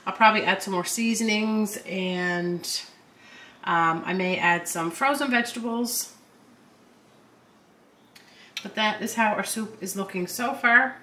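A woman's voice: mid-range voice, moderate pace, background noise. A woman from Eastern Canada, a stay-at-home mom chatting casually as she cooks in her home kitchen, with frequent ums. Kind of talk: casual vlog narration. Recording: echoey room, faint ambience.

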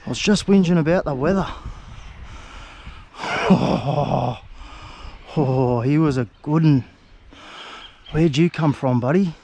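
An Australian man hosting a fishing channel, chatting excitedly to the viewers and the fish from outdoors by a river. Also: a little high, takes it slowly, pauses often, slight background noise. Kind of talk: casual fishing vlog commentary.

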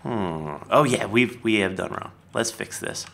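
Keyboard typing clicks behind a man whose slightly creaky voice keeps swinging up and down in pitch as he plays Minecraft. Chatting his way through the build without any hurry, he gives lively, casual commentary on the game.

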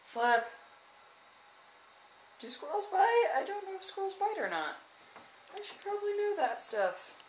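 A woman vlogging with a handheld phone camera on a home staircase, chatting excitedly, swinging from hushed murmurs to loud exclamations. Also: very high-pitched, measured pace, long pauses, a little hiss or hum. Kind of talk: casual handheld narration. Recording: echoey indoor stairwell.

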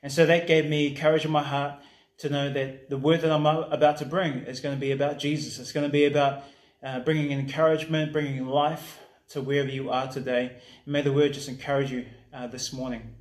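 A man pastor giving a recorded sermon in a warm, conversational preaching manner that drops soft in prayer. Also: a little high, level tone, fairly quick, roomy sound.

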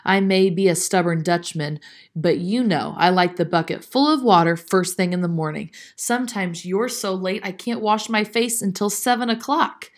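A bluff old grandfather, stubborn and teasing, who raises his voice and scoffs at timidity, as a woman puts him on while reading a storybook aloud. He speaks loudly and impatiently. His tone is somewhat low. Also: moderate pace, close to an everyday voice. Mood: hearty.

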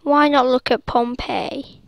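A woman's voice: sits high, steady tone, takes it slowly, gravelly, no room sound. A woman giving rambling, giggly commentary over a video game, breaking into silly singing and squeals. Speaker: gaming video host.

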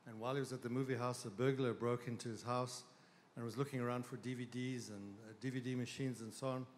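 A man speaking on stage at a conference, easygoing and joking, pausing with fillers before introducing his wife. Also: medium pitch, fairly even intonation. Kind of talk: stage talk with joke and announcements. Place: large conference hall with audience. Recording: long hall reverb, faint crowd noise.

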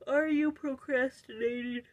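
A woman's voice: high-pitched, steady tone, measured pace, a little mellow, no echo, muffled recording. A woman hosting her own casual scripture study, thinking aloud in earnest and searching for words with sighs and restarts. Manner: earnest, urging questions to the listener. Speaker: host of a daily scripture study channel.

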